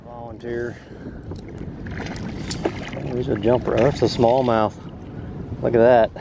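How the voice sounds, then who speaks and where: A man fly fishing on a river, chatting to the camera and exclaiming excitedly over the fish he sees and catches. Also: on the low side, vocal fry, noisy background. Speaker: fishing vlogger. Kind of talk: casual outdoor narration while fly fishing. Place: on a river outdoors.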